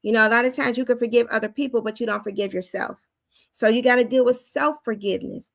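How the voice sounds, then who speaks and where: A woman with a fairly high voice teaches in a loose, conversational way, plain-spoken and animated. The sound is dry and close, with no room around it. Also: fast talker, creaky, no echo. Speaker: Christian teacher and host.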